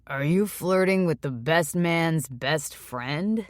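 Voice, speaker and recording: A woman voicing a slightly drunk young groom who teases his fiancée with slurred words, in a lowered voice. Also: takes it slowly, dry recording, clean studio sound. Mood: teasing.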